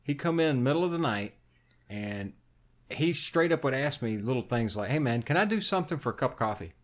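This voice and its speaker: A man's voice: mid-range voice, lively intonation, brisk. A man co-hosting a podcast, telling blunt, profane stories in casual chat. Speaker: podcast co-host.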